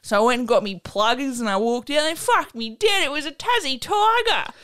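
A man's voice: very high-pitched, lively intonation, a little fast, bright, forceful tone, smooth, pitched above the performer's own voice, full character voice. A woman putting on a crude, boisterous Australian bloke with a broad Australian accent, telling a sighting story. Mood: rowdy.

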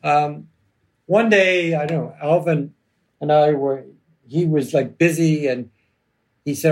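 A man, an author and lawyer, speaking reflectively in an interview with many pauses and ums. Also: fairly high pitch, fairly even intonation, a little mellow. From Canada. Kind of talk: conversational interview.

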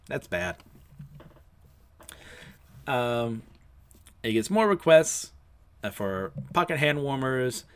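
Reading characters' lines as he goes, a man with a lisp offers a chatty, laid-back anime episode recap, laughing at himself between lines in a self-deprecating way. His voice is medium in pitch and a bit bright.

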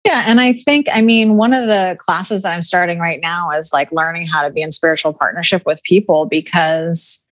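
A woman's voice: lowish voice, normal speed, hardly any pauses. A middle-aged woman talking casually as a guest, chatty and laughing often, full of filler words. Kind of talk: casual podcast conversation.

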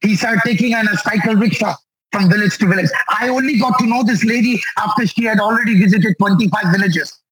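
A man's voice: high voice, poor audio. A man from India preaching a sermon, telling stories with earnest repeated phrases. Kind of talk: sermon testimony.

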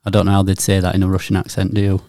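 A man's voice: low-pitched, monotone, racing, dark tone, no echo, clean studio sound. A man co-hosting a podcast, rambling through jokey, mock-serious theories in casual banter. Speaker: podcast co-host.

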